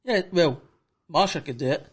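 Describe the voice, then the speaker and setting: A man's voice: on the high side, animated, normal speed, breathy edge. A Scottish man co-hosting a podcast, asking questions in a hesitant, casual way. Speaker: podcast co-host. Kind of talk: casual chat.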